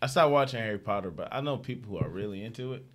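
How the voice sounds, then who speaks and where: A man co-hosting a podcast in casual chat, laughing often and talking in an animated, profane way. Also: fairly low pitch, very fast. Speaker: podcast co-host.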